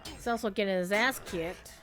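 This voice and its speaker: A woman's voice: mid-range voice, moderate pace, music in the background. A woman live-streaming a video game, chatting casually with her viewers and reacting to the play. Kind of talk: casual live-stream commentary while gaming.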